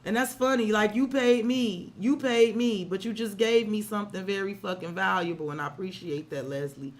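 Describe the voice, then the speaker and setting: Her voice sits in the mid-range, with fairly even intonation and a moderate pace. She's a tarot reader live-streaming to her audience, talking straight to them, calling them girl and sis, and cursing freely as she gets open and emotional.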